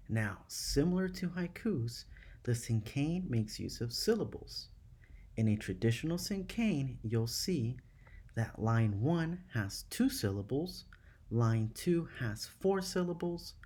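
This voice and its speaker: A man teaching students in a scripted lesson, explaining slowly and carefully. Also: medium pitch, darkish tone, breathy edge.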